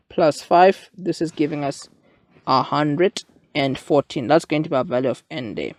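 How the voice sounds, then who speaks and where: A man's voice: fairly high pitch, a little mellow, dry recording. A young man, talking casually through a maths exam paper as a tutor and often asking "you see". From South Africa. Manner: chatty, asks listeners "you see".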